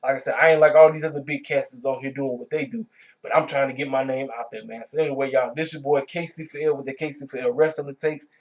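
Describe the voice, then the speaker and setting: A man hosting his own wrestling review vlog, talking casually and reacting with animated disbelief. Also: mid-range voice, quick pace. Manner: animated, colloquial, exclaiming in disbelief. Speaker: wrestling review channel host.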